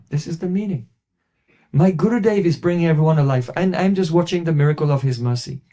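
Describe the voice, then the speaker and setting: A man giving a devotional talk, telling a story and quoting others in a lowered voice. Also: fast, warm tone. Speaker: spiritual teacher.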